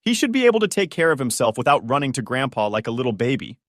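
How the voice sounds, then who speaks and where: A man voicing a spoiled, entitled young woman, shrill and scornful in her outbursts, in a storybook reading. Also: sing-song, fast, dry recording, clean studio sound, natural voice. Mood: outraged. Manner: sneering, indignant outbursts.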